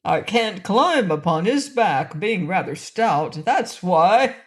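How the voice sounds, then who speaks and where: A woman's voice: medium pitch, expressive, slow pace. A woman doing a giggling, jolly fat little king. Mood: giggling merry. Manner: giggly, merry, laughing. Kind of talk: audiobook reading.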